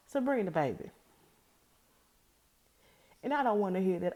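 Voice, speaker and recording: A woman's voice: medium pitch, lively intonation, unhurried, pauses often, dark tone. A woman giving a casual, opinionated TV episode recap, chatty and emphatic. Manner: chatty, retells scenes by acting out the characters' lines. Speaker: TV recap vlogger.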